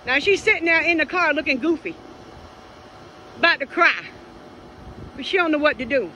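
Brief: high-voiced woman, blunt, mocking vlog commentary, phone recording by a road. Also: lively intonation, normal speed, pushed and bright, low-quality recording. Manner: blunt, teasing, profane. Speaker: vlogger filming a roadside scene. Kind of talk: casual running commentary. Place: outdoors by a road in traffic. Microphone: phone camera. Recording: phone audio with road noise. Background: passing traffic.

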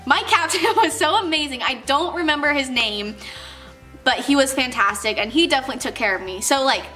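Animated and fairly quick, a young woman tells her camera about work in a high-pitched, bright, forceful voice. She's chatty, full of "like"s, and acts out quoted voices, while faint music plays behind.

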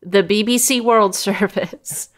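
Woman co-host on comedy morning radio, mid-pitched voice, earnest and matter-of-fact. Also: takes it slowly. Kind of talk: improvised comedy radio banter.

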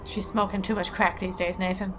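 A woman's voice: mid-range voice, flat delivery, brisk, heavy background noise. A woman casually commentating a game, chatty and jokey, talking back to the characters. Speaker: let's play host.

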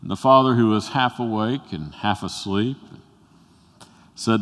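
Male preacher, unhurried storyteller, long sanctuary reverb. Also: fairly low pitch. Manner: storytelling, rising to bursts and dropping to a hush. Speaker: pastor. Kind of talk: sermon. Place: church sanctuary.

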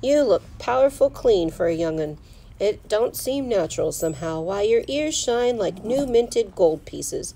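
A woman playing a loud, folksy gold-rush miner. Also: high voice, expressive, unhurried, gravelly, slight background noise, pitched above the performer's own voice, heavily acted, low-quality recording. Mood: gruff folksy. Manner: folksy backwoods drawl, loud and chatty. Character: boisterous bearded gold-rush miner, rough and friendly.

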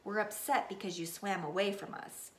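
A woman reading as a gentle, reassuring mom. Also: medium pitch, steady tone, normal speed, natural voice. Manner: soft, reassuring, lightly teasing. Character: gentle mother comforting her young daughter. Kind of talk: reading a children's book aloud. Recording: roomy echo.

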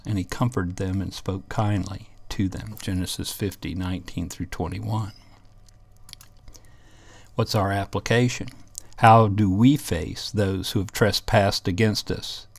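A man's voice: fairly low pitch, measured pace, gravelly, slightly rough, no room sound. Earnest man teaching a Bible class. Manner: earnest, reads scripture aloud and comments. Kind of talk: Bible lesson reading scripture.

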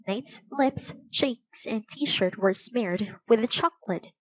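A woman reads a children's chapter book aloud. Her storytelling is clear and measured, at a slow pace. The recording is dry and close, with no room sound. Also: a little high, no room sound, low-quality recording. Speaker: storybook reader.

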